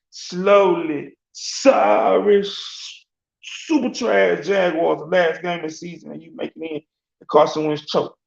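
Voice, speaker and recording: A man rambles through a casual sports rant, full of slang and quick laughs. His voice is gravelly and sits slightly high. The recording is roomy and echoey, with a muffled, lo-fi tone. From Alabama. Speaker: sports talk host. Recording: echoey room, dull lo-fi sound.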